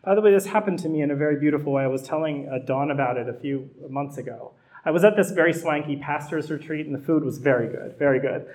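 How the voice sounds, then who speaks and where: Conversational preacher with a higher voice. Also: male voice, quick pace, a little mellow. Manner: conversational preaching, rising to emphatic repetition. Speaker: pastor. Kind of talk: sermon.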